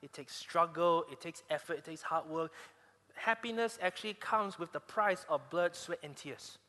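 A man's voice: on the high side, normal speed, bright, forceful tone. A man with a Malaysian English accent preaching a sermon, telling stories animatedly with frequent restarts. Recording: long hall reverb.

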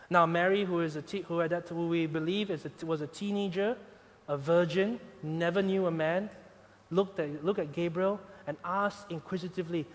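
Pastor guy preaching, pretty high voice, big echoey hall, gets loud then goes quiet. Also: fairly even intonation, moderate pace. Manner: emphatic preaching, rises loud then drops soft. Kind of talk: sermon. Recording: long hall reverb.

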